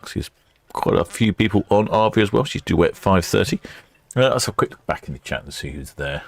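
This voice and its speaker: A man's voice: sits low, lively intonation, fairly quick, vocal fry. A man hosting a live ship-watching stream, chatting casually and reading out viewer comments as ships depart port. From England. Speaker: livestream host narrating ship departures. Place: quayside port camera station.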